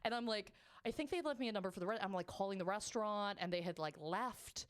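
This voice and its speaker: A woman's voice: medium pitch, fast talker. A woman co-hosting a podcast, telling a story in casual chat with lots of swearing and laughter. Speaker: podcast co-host.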